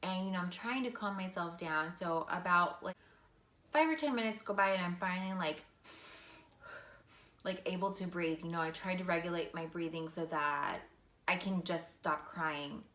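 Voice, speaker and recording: A woman vlogger speaks in a fairly low but bright, forward voice, telling her own story casually and earnestly. Her talk is loose and full of fillers. The room around her rings with a noticeable echo. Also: normal speed. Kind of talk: personal storytelling.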